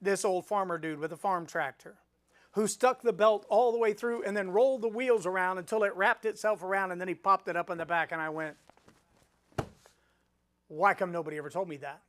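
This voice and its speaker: Middle-aged guy coaching a webinar, animated, does little voices for his stories. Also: high voice. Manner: animated, acts out quoted voices. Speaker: speaking coach. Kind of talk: live webinar teaching.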